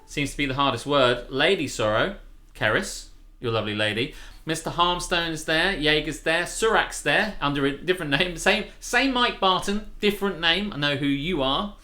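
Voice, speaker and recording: A man co-hosts a live-stream chat show like a podcast, animated and jokey, often breaking into silly voices and laughter. His voice is fairly high in pitch at a moderate pace.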